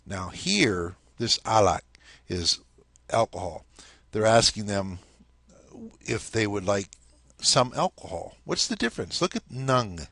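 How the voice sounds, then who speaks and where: A man's voice: lowish voice, animated, slow pace, creaky, long pauses, fairly bright tone, dry recording. A man teaching a language lesson in a casual spoken style, explaining step by step and checking in often with "okay?".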